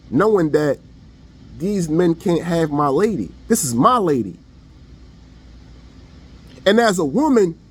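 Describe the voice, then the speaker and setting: Blunt preachy guy ranting online, pretty high voice for a dude, slangy. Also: husky. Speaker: online commentator. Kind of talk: casual opinion monologue.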